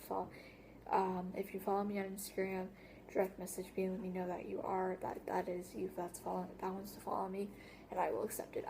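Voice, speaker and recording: A woman's voice: medium pitch, noisy background. Rambling teen girl telling a storytime. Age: teens. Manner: rambling, full of "like" and restarts. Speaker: vlogger. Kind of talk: casual storytime vlog.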